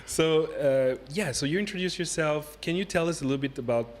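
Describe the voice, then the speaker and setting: A man's voice: a little high, fairly quick. Upbeat man hosting a livestream chat. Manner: upbeat, chatty, reads out chat messages. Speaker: livestream host. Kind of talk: casual chat. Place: convention venue.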